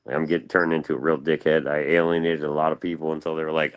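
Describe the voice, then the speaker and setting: Fast-talking low-voiced American man. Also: little pitch movement, clean tone. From United States. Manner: rambling and profane, peppered with "dude" and "dog". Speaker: panel guest. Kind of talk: casual livestream chat.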